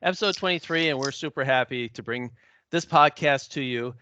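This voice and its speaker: Bright-voiced, tired male podcast host. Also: mid-range voice, brisk, dull audio, a little hiss or hum. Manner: easygoing, self-deprecating, chuckles. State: tired after a flight. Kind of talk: casual chat. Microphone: online call.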